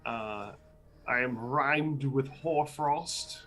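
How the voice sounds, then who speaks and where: A man playing a tabletop role-playing game, describing his character in a relaxed, rambling way over a voice call. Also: mid-range voice, drawn-out words, faint music behind. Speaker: player. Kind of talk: casual tabletop chat.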